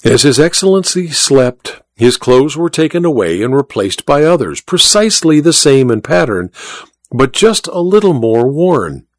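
A man's voice: mid-range voice, sing-song, normal speed, dry recording, natural voice. A man voicing a suave, scheming colonel in an audiobook reading, deferential and precise. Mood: urbane. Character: scheming male colonel, suave courtly torturer. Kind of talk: audiobook character voice.

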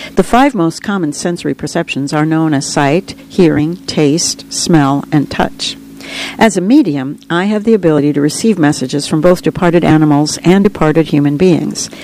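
A narrator reading a personal memoir aloud in an earnest, reflective, steady way. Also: medium pitch, normal speed, slight background noise, rough recording.

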